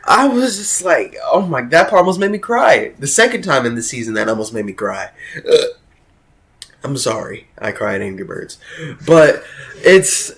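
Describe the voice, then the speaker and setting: Excitable young man rambling about rankings. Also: mid-range voice, moderate pace, husky. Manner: excited, rambling, with many restarts and slang. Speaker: video host ranking cartoon episodes. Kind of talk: casual tier-list commentary.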